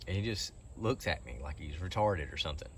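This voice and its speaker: A man's voice: extremely low pitch, lively intonation, brisk, a little hiss or hum. A man telling a long, aggrieved story about a car repair in a rambling, casual way.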